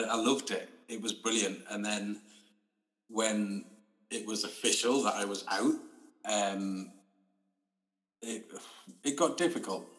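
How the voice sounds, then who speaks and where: A man speaking as a guest in a casual chat interview over a video call, talking in a reflective, measured way. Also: fairly low pitch, fairly bright tone. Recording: roomy echoey video call audio.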